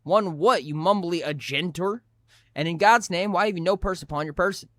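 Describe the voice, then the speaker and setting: A man voicing a cocky young male highwayman in a story he reads aloud, speaking loudly and theatrically. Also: animated, fast talker. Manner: loud, raised, theatrical delivery.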